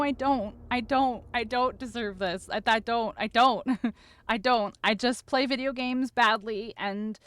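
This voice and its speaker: A woman streamer in casual live-stream chat, flustered and overwhelmed, gushing thanks to her viewers and tripping over her words, close to tears. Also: fairly high pitch.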